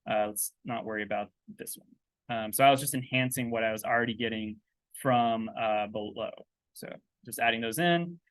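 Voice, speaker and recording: A man walks through a texturing demo in a loose, chatty way, full of ums and quick asides. His voice sits at an ordinary middle pitch. The sound is dry and close, with no room around it. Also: fairly bright tone, no room sound. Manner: loose and chatty, thinking aloud with many fillers and "right?". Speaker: 3D texturing instructor. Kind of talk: casual software tutorial. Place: indoors at a laptop.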